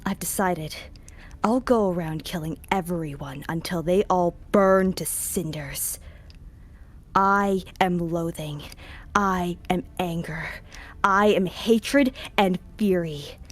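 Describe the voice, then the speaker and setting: A woman's voice: on the low side, slow pace. A woman whispering as a vengeful hate-filled woman, whispered role-play. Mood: hateful. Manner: hissing whisper that swells into rage. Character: vengeful woman consumed by hatred.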